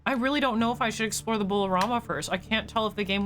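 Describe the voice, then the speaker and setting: A woman's voice: medium pitch, fast, soft background music. A woman streamer chatting casually as she plays, thinking aloud and talking to her viewers. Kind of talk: casual gameplay commentary.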